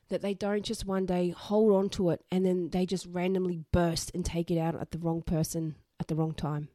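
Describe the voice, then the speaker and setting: A woman's voice: lowish voice, dark tone, dry recording, clean studio sound. A woman, hosting a solo parenting advice podcast in a frank, direct way. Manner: direct, frank, swears casually. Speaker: podcast host.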